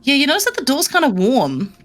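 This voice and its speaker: A woman's voice: high-pitched, huge pitch swings, fast, over music. A woman narrating as dungeon master in a tabletop game, chatty and loose, often laughing.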